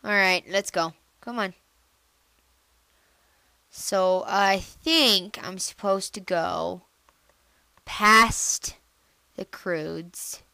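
A woman giving casual let's-play commentary on a computer game, chatty and excitable, jumping into squealy high bursts. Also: drawn-out words, gravelly, long pauses, no room sound. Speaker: gameplay commentator.

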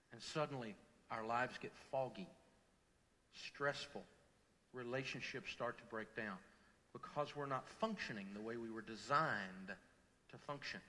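Middle-aged preacher guy, bright ringing voice, big hall echo, goes loud then real quiet. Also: medium pitch. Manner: emotional storytelling, swings from loud to hushed. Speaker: pastor. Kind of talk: sermon. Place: large church hall.

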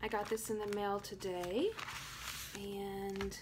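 A woman from Tennessee gushing excitedly as she opens happy mail at home in a casual vlog. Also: medium pitch, slow, background noise. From Tennessee, USA. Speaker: planner vlogger.

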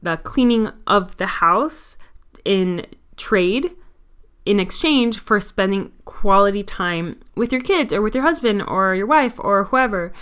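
Smooth-voiced chatty woman with a Miami accent. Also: medium pitch, animated, a little slow, a bit bright. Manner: chatty, candid and self-mocking. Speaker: podcast host. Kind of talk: casual solo podcast talk.

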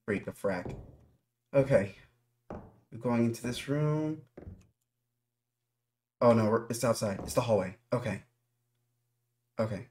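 A man's voice: mid-range voice, a little slow, pauses often, a little mellow. A man giving nervous running commentary while playing a horror game, talking straight to his viewers. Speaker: gaming YouTuber.

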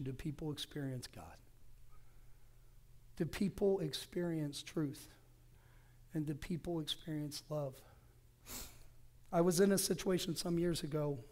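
A middle-aged man preaching a sermon as associate pastor, moving between loud bursts and soft whispered phrases, in a church sanctuary. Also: on the high side.

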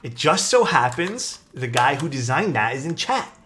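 A man's voice: mid-range voice, very animated, normal speed, fairly bright tone, a little hiss or hum. A man talking casually on a live stream as he unboxes keyboard parts and thanks his chat. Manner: thanks chat, muses aloud while unboxing. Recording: faint music behind.

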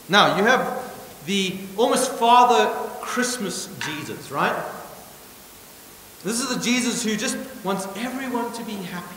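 A male pastor preaching a sermon with emphatic points and wry asides, swinging from loud stresses to hushed remarks. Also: a little high. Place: church hall. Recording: echoey church hall with hiss.

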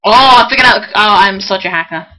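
A young man, excitably commentating his own gameplay, often swearing and shouting at the game. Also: high voice, quick pace, very noisy. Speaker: gamer.

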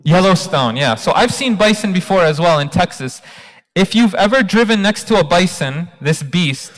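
Animated storyteller man in an echoing hall. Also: high voice. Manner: animated, engages the audience. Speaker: guest speaker. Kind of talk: storytelling religious talk. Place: large hall at a community talk night. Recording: long hall reverb.

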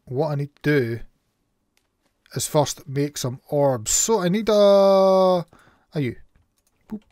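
Unhurried Scottish man playing a game. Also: on the high side, darkish tone, dry recording, clean studio sound. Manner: chatty, playful, makes little sound effects. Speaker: gaming channel host. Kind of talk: casual game commentary.

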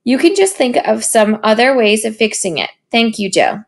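A woman reading a calm firm mother. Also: fairly high pitch, normal speed, gravelly. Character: patient mother, firm referee of boys.

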